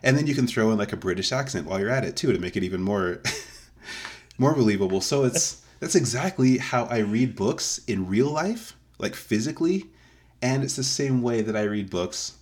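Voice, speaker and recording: A man's voice: medium pitch, animated, moderate pace, a little mellow. A man co-hosting a podcast, arguing playfully in casual chat and laughing often.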